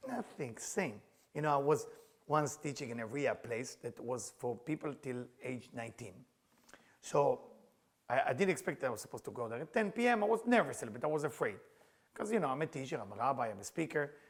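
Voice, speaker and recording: A man who is a rabbi and teacher, leading a group through an interactive workshop lesson as an animated storyteller who laughs often. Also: medium pitch, a little fast, breathy edge. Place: class or workshop room with a group.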